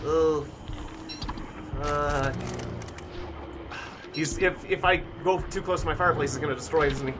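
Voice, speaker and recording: A man live-streaming a survival game, talking through his moves as he plays, now and then breaking into shouts. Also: fairly high pitch, a little slow, long pauses, background noise. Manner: animated, thinking aloud, bursts of shouting. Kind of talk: live-stream gameplay commentary.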